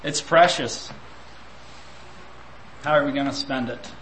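A man's voice: medium pitch, takes it slowly, a bit bright, roomy sound, slight background noise, low-quality recording. A man preaching a sermon, reflective and full of rhetorical questions.

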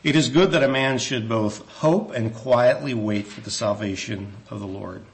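Preaching in church at a medium pitch, a man stays earnest and measured, with occasional hesitant restarts, and slows when he turns to scripture.

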